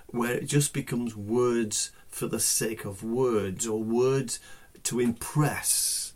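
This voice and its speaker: A man with a husky, slightly breathy voice delivers a devotional sermon at a slow, deliberate pace. He speaks earnestly to his listeners, lingering on phrases and repeating words to stress them. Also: mid-range voice, a little mellow. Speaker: pastor.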